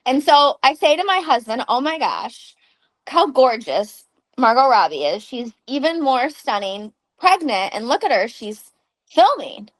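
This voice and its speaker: A woman in her thirties co-hosts a casual podcast, telling stories in an animated way. Her voice sits a little high, and she drops the odd swear word. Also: a little slow. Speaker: podcast co-host. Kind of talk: casual chat.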